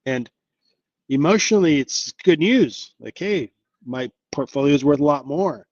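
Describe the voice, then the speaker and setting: A man's voice: on the high side, expressive, unhurried, darkish tone, dry recording, highs cut off. Chatty man hosting a stock live stream. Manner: chatty, upbeat, thinks aloud with many fillers. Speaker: investing channel host. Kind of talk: casual live-stream commentary.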